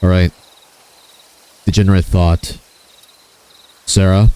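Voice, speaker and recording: A man's voice: low-pitched, little pitch movement, takes it slowly, dark tone, clear, resonant tone. A man chatting casually on his gaming stream, joking crudely and swearing freely. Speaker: VTuber streamer.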